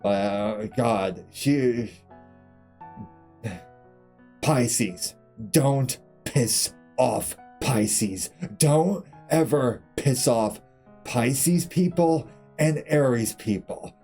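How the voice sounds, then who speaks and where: Soft music plays behind a game streamer whose mid-range, dark voice draws out its words. Pausing from play, he casually recounts blunt, profane childhood stories and keeps laughing as he tells them.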